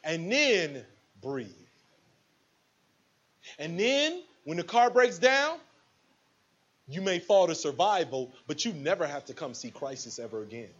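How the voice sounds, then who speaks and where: A man's voice: fairly high pitch, big pitch swings, measured pace, long pauses, fairly bright tone, husky, lo-fi sound. A man giving a preachy motivational speech to a live audience, acting out little scenes with quoted voices. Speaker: motivational speaker at a business event.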